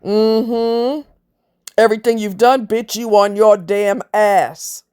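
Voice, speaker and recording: A woman's voice: mid-range voice, steady tone, unhurried, a little mellow, clean tone. A woman ranting to her viewers in a blunt, scornful, profane way, mocking others in voiced quotes. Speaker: vlogger.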